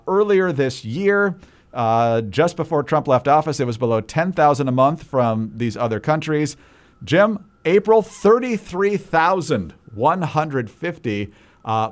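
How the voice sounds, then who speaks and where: A man co-hosting a political podcast, calmly going through numbers with frequent fillers. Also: mid-range voice. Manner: measured, reads out figures with fillers. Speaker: podcast co-host. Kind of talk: political commentary chat.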